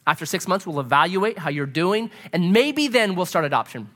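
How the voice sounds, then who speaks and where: An impatient, grudging God figure, exasperated and dismissive, as a male preacher puts him on. His voice is high and bright, and his pitch moves widely. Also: lively intonation, normal speed, long reverb tail. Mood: businesslike.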